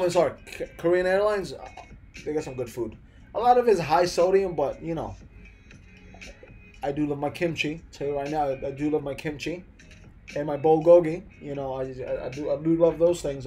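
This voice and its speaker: Man, American accent, fairly high voice, chatty, laid-back, faint music behind. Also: fairly quick, mellow. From Philippines, raised in the US. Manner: chatty, frequent "bro" and "man", many restarts. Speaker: live stream host. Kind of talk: casual live stream chat with viewers.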